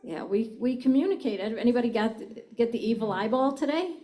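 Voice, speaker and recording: A woman's voice: a little high, lively intonation, a little fast, dark tone, low-quality recording. A middle-aged woman presenting a communication seminar to a live audience, engaging them with frequent questions. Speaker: communication trainer.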